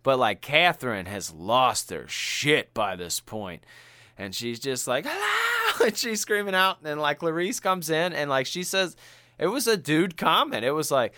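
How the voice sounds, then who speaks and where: A man's voice: a little high, unhurried, dry recording, clean studio sound. A man co-hosting a podcast, chatting casually and retelling a film with slang and profanity. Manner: animated and profane, slangy storytelling. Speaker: podcast co-host.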